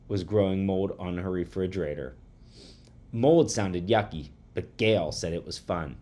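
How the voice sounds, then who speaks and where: A man reading a children's chapter book aloud to students, warm and expressive. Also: deep voice, a little slow.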